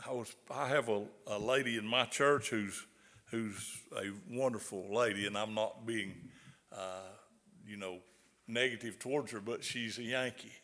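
A man's voice: on the low side, unhurried, sharp tone. An older man with a Southern US accent, preaching a folksy sermon and often asking his listeners questions. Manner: folksy, repeats words, asks the audience questions. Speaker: pastor. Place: large hall. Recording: long hall reverb.

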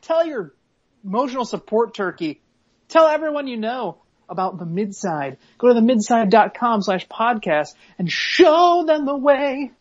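A woman's voice: a little high, expressive, measured pace, dull audio. A woman co-hosting a podcast in casual, rambling chat, joking and swearing freely. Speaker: podcast co-host.

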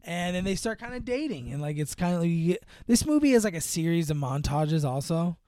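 A young man with a high, smooth, clear voice chats casually about a film. He rambles, full of fillers, and slips into acted-out lines from the characters. The sound is close and dry. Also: sing-song, fairly quick, warm tone, no echo. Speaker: podcast co-host recapping a movie. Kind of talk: casual chat.

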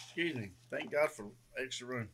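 A man's voice: medium pitch, fairly quick, vocal fry, sharp tone, slight background noise. A man teasing his friend in a casual podcast chat. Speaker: podcast co-host.

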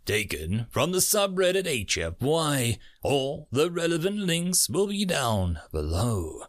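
A man reading a sci-fi short story aloud as host of a narration channel, with expressive delivery. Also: on the high side, takes it slowly.

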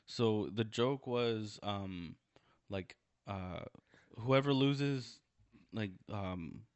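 A man's voice: lowish voice, drawn-out words, no room sound, lo-fi sound. A man in casual chat, laid-back and agreeable, laughing along and sharing comedy stories. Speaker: stand-up comedian, podcast co-host.

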